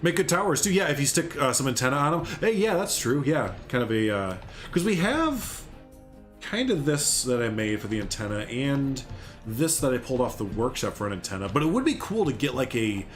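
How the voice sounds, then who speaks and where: A man's voice: medium pitch, very animated, a little fast, faint music behind. A young man rambling casually on a live game stream, chatting with viewers as he builds. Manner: rambling, chatty, reads and answers chat.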